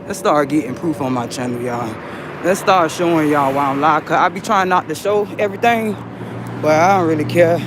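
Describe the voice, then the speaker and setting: A woman's voice: lowish voice, noisy background. A middle-aged woman vlogging live while walking outdoors, rambling in a defiant, agitated and profane way. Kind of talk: rambling live vlog monologue.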